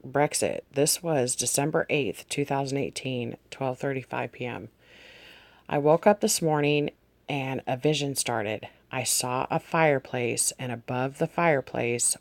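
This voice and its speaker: A vlog host addresses viewers directly, casually recounting dreams and visions from a notebook with a meandering, self-correcting delivery. The voice is medium in pitch, and there's no room sound.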